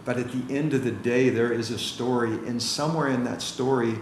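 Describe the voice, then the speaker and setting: An American chiropractor, speaking at medium pitch and a little fast, tells stories as a guest in a casual interview. He's an animated storyteller who acts out the voices of the people involved. The recording sounds roomy, with faint background noise.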